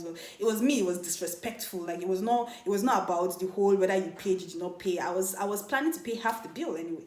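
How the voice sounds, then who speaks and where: A young woman telling a dating story in a casual, animated vlog, often laughing and mimicking other people. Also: medium pitch, a little hiss or hum. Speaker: vlogger. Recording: echoey room.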